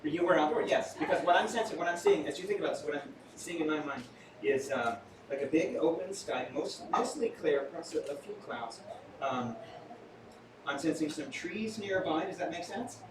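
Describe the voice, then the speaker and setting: Heard in an echoey room from a distance, with audience noise around him, a man does live mentalism for a small crowd. His slightly high voice is animated at a normal speed, and his patter is theatrical and playful, peppered with jokes to the audience.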